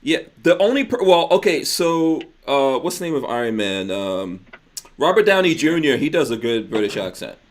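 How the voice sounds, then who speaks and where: A man's voice: mid-range voice, sing-song, moderate pace, a little hiss or hum. A man hosting a podcast in casual chat, joking and teasing his guest and laughing often. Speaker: podcast host.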